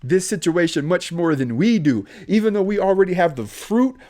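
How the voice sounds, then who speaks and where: A police officer from Ohio spins a story on a podcast, his fairly high voice leaping up and down with lively energy. He slips into the voices of the people he describes as he goes. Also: normal speed. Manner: animated, acts out voices in his stories.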